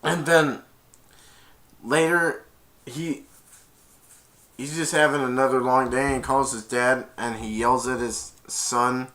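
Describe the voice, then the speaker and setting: A young man, an amateur reviewer, excitedly retells a movie scene by scene and acts out the characters' lines. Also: mid-range voice, slow, pauses often.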